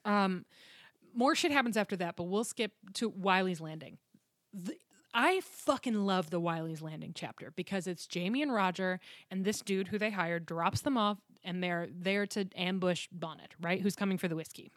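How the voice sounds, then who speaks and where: A woman's voice: fairly low pitch, moderate pace, fairly bright tone, no room sound, clean studio sound. Laughing, swearing woman retelling a story. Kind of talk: casual book recap chat.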